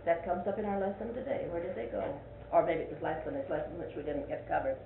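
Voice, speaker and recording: A woman's voice: on the low side, lively intonation, fast, creaky, recorded from a distance. An older woman leads a church Bible class, asking question after question and repeating her points for emphasis. Her folksy voice rings through a roomy space. The recording is thin and phone-like, with a faint hiss underneath. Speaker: Sunday school teacher. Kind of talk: leading a Bible class discussion.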